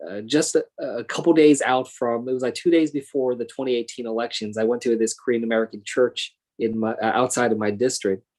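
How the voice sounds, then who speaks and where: A man's voice: medium pitch, steady tone, a little fast, few pauses, darkish tone. A man in his thirties speaking as a congressman and guest in a panel conversation, earnest and thoughtful, with frequent fillers and restarts. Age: 30s.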